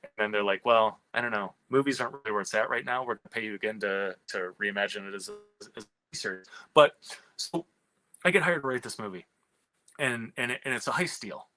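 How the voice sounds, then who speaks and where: Bright, animated man telling stories. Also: lowish voice, brisk, poor audio. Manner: animated, profane, many restarts. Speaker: screenwriter and comic writer. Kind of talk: candid conversational storytelling.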